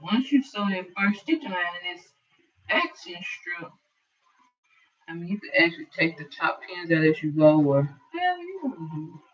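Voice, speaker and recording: Speaking at normal speed in a lowish, very animated voice, this woman teaches a relaxed sewing lesson as a quilting instructor, chatting and musing aloud mid-task. She's recorded from a distance, so the audio sounds dull and lo-fi.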